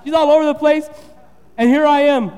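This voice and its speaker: A man's voice: very high-pitched, fairly even intonation, fairly quick, darkish tone, big-room sound, dull audio. A man preaching a sermon as pastor, repeating and building his points with rising emphasis.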